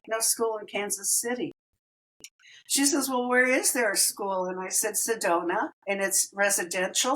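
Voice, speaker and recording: A woman's voice: medium pitch, low-quality recording. Chatty woman telling her story. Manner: animated, laughs often, acts out quoted dialogue. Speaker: podcast host. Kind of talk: personal storytelling.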